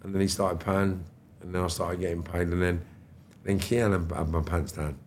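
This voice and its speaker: A middle-aged man, telling animated stories as a podcast guest and swearing freely. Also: low-pitched, normal speed, slight background noise. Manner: animated, swears freely, acts out quoted dialogue. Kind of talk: storytelling interview chat.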